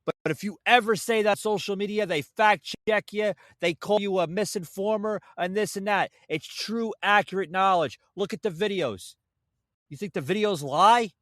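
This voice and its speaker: A man's voice: sits high, moderate pace, a bit bright, no echo, studio quality. Heated sarcastic male podcast host. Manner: heated, sarcastic, swears, addresses folks. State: a little winded. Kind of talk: opinion podcast rant.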